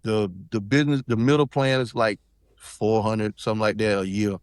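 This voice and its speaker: A middle-aged man from South Carolina, appearing as a podcast guest, rambles loosely through a personal story with lots of fillers and restarts. His lowish voice has fairly even intonation and a moderate pace. The tone is clean, with no echo, at studio quality.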